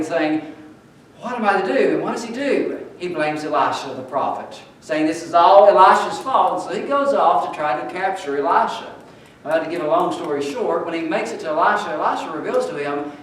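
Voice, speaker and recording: A male pastor preaching a sermon, telling a story and getting louder and higher as he retells its scenes. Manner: storytelling, rising loud and high when retelling scenes. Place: church sanctuary. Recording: echoey church hall, mic far off, faint noise.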